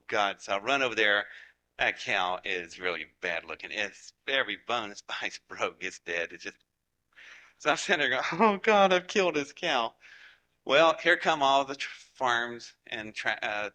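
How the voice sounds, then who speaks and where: A man's voice: on the low side, pushed and bright, poor audio. A man in his forties from Ohio, telling a folksy story to an audience and acting out what people said. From Ohio, United States. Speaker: speaker giving a talk to an audience.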